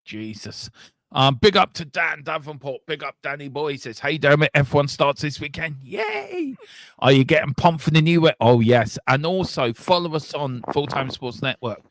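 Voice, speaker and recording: A man's voice: a little high, moderate pace, no room sound. Rambling man hosting a watchalong. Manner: rambling, animated, swears casually. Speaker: watchalong host. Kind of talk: casual football watchalong chat.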